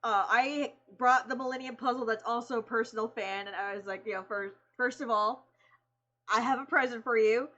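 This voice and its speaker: A woman streamer excitedly telling a story in casual chat, laughing, swearing and acting out the people she quotes. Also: on the high side, moderate pace, lo-fi sound, a little hiss or hum.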